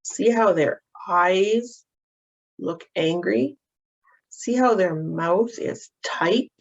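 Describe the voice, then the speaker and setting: A woman practitioner gently and patiently walking parents through a calming activity for children, with frequent ums. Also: medium pitch, very slow. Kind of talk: instructional walkthrough of a calming activity. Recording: dull, muffled audio.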